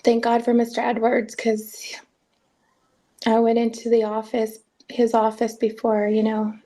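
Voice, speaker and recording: A woman recounting painful family events as an interviewee in a documentary, speaking earnestly with halting restarts. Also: on the high side, completely flat delivery, warm tone. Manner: earnest, halting first-person retelling with restarts. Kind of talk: documentary testimony.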